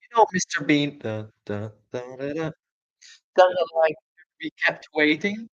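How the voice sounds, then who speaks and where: A man's voice: a little high, sing-song, measured pace, dry recording, muffled recording, pitched above the performer's own voice. A man voicing a farmer's wife in a storybook, calling out bossily from upstairs. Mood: bossy.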